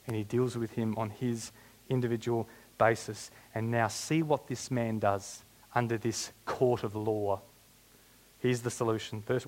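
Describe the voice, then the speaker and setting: Animated man preaching a sermon. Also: medium pitch. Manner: animated, humorous asides.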